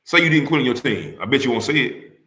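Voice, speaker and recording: Animated man teasing on a live stream. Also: mid-range voice, quick pace, reverberant. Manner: teasing, insistent, repeats questions, laughs loudly. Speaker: livestream host. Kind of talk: heated football banter on a live stream.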